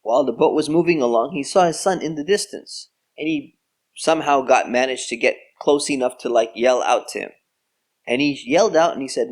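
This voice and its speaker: A man's voice: a little high, a little fast. A man giving a storytelling religious lecture in a conversational, casual way. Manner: conversational, relaxed with casual fillers. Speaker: Islamic lecturer.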